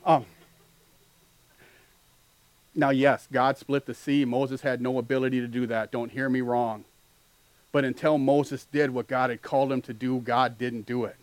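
A man preaching a sermon as pastor, earnest and building to loud animated peaks. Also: mid-range voice, moderate pace, no echo, low-quality recording.

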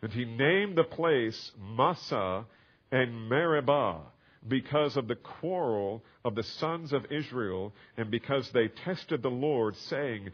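A man delivers an expository sermon in a mid-range voice, walking listeners through a scripture passage. He explains calmly, then builds into emphatic, raised passages. The recording sounds slightly muffled. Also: mid-range voice, takes it slowly. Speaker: preacher. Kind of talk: sermon, expository Bible teaching.

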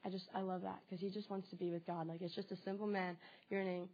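A woman's voice: on the low side, little pitch movement, quick pace, warm tone, highs cut off. A woman giving a devotional sermon in an earnest, conversational way, often saying "like" as she talks. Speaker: preacher.

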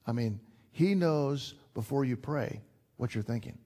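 A man's voice: mid-range voice, lively intonation, a little slow, dark tone. Earnest conversational older male preacher. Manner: conversational, earnest, with repetitions and sudden emphatic rises. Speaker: pastor. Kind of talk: sermon.

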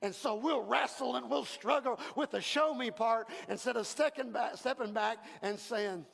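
A man preaching a sermon as pastor, impassioned, swinging from hushed passages to shouted ones. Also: very high-pitched, moderate pace, creaky. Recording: long reverb from a large hall.

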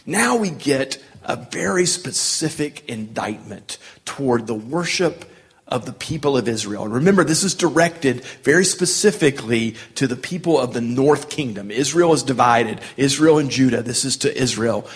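Man, Bible study leader, casual teaching, lots of fillers, lively pitch swings, acts out sarcasm. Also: normal speed. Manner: animated, acts out sarcastic voices when reading; conversational with many fillers. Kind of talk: teaching a Bible passage to a group.

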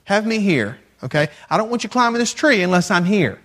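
A man's voice: sits high, sing-song, a little fast, fairly bright tone, pitched above the performer's own voice, exaggerated voice. A man voicing a firm but caring father who gives his young son plain instructions, as a story inside a sermon.

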